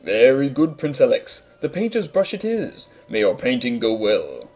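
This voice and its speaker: A man's voice: mid-range voice, wildly swooping pitch, moderate pace, a little mellow, faint music behind. A man voicing a kind old male shopkeeper in a fan reading of a game, with polite, formal speech. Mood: courteous.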